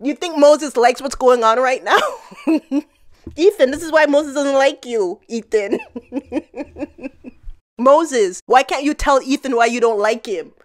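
Woman commentator, casual, slightly high-pitched, chatty, laughs a lot. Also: takes it slowly. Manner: chatty, laughs between points, addresses people directly. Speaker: commentary channel host.

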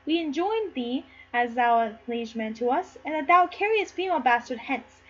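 A woman's voice: high voice, animated, moderate pace. A woman reading the part of a jealous, furious king in an amateur play read-through, with a barking, commanding delivery. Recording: slightly muffled with faint noise.

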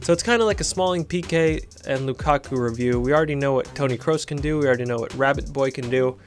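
A man giving chatty, excitable commentary on a football video game as a gaming channel host. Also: mid-range voice, fast, soft background music. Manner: excitable, chatty, cheers on players. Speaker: gaming YouTuber. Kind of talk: casual gameplay commentary.

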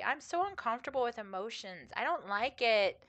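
Woman, gaming streamer, playful let's-play banter, high bright voice. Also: animated, moderate pace, lo-fi sound. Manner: playful, jokey, chatty.

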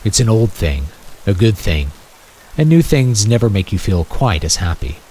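A man's voice: lowish voice, sing-song, normal speed, mellow, slight background noise, rough recording. A man reading a second-person story aloud in a wry, nostalgic storytelling manner. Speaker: narrator. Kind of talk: scripted second-person narration.

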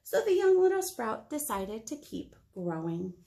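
A woman's voice: fairly high pitch, unhurried, gravelly. A woman children's librarian reading a picture book aloud and asking the children questions as she goes. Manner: animated, asks the children questions.

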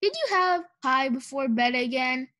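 A woman's voice: sits high, expressive, unhurried, sharp tone, heavily acted. A woman voicing a grown, bossy older sister who gives curt commands, in a children's storybook reading. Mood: stern.

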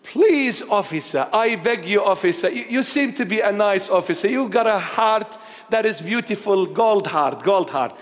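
A man playing a young driver who begs and flatters a police officer to let him off. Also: sits high, normal speed, few pauses. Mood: pleading. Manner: begging, flattering. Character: pleading young man caught speeding. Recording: long church reverb.

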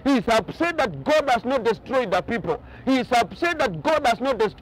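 High-voiced pastor preaching. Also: male voice, big pitch swings, normal speed, slight background noise, low-quality recording. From Kenya. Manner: emphatic preaching with repeated phrases. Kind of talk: sermon. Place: outdoors on a boat by the ocean.

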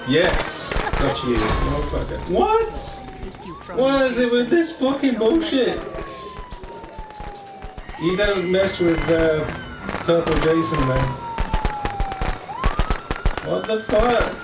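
A man's voice: high-pitched, big pitch swings, takes it slowly, long pauses, music in the background. A man playing a video game and commenting live, grumbling and swearing in frustration as things go wrong. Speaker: gamer playing the killer. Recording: echoey room with loud game sirens.

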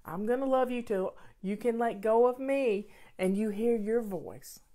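Slow-talking, encouraging woman host. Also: on the high side, mellow. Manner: affectionate, encouraging, motherly advice. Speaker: host answering viewer questions. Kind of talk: casual live Q&A show.

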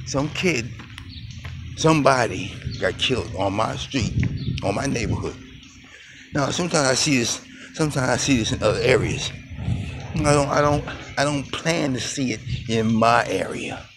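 A man's voice: medium pitch, a little slow, long pauses. A man vlogging on a phone while walking outdoors through his neighborhood, rambling loosely and greeting people he passes. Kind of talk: rambling walk-and-talk monologue. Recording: noisy outdoor phone recording.

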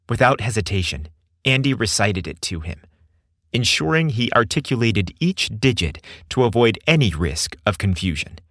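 A man narrating a scripted story with expressive delivery. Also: medium pitch, moderate pace, dry recording, clean studio sound.

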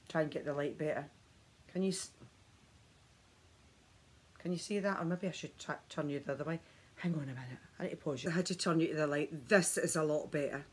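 A woman's voice: deep voice, breathy edge. A woman vlogging a skincare demonstration at home, chatty and enthusiastic as she talks straight to her viewers on the camera mic. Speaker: beauty vlogger.

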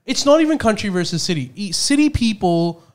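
Smooth-voiced man chatting. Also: high-pitched, lively intonation, brisk. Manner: rambling, swears freely, acts out quotes. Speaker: podcast co-host. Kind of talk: casual chat. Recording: live stream podcast.

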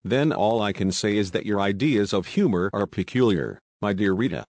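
A man voicing an excitable Russian male conspirator, speaking with urgent reproach. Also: on the low side, normal speed, dry recording. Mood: doubtful.

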